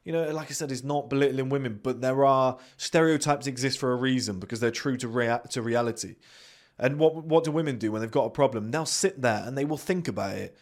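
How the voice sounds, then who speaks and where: A man's voice: medium pitch, brisk. A man with a British accent, hosting a podcast and giving a blunt motivational monologue, swearing freely and acting out the voices of the people he quotes. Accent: British English. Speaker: podcast host.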